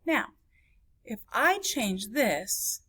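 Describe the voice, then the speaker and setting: Woman teacher, high-ish voice, very slow and deliberate, breaking words into syllables. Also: sing-song, sharp tone, slightly rough. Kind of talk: classroom phonics lesson.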